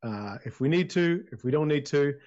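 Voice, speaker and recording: In slightly dull lo-fi audio, a dungeon master narrates a tabletop game, rambling chattily and frequently starting his sentences over. His voice is on the high side, expressive, a little mellow, and at normal speed.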